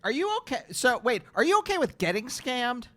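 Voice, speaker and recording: A man hosting casual comedic chat, cutting in with quick jokes. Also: very high-pitched, big pitch swings, sharp tone.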